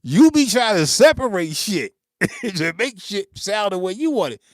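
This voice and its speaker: A man's voice: high-pitched, sing-song, measured pace, no echo, studio quality. A man, ranting unscripted to camera about music gear, swearing freely, laughing and mimicking his critics. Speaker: beatmaker hosting his channel.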